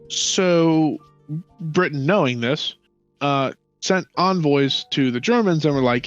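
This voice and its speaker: A man's voice: a little high, slow. A man in a casual history chat, profane and sarcastic, acting out nations in mocking quoted voices. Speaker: podcast co-host. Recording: dull lo-fi sound with faint music.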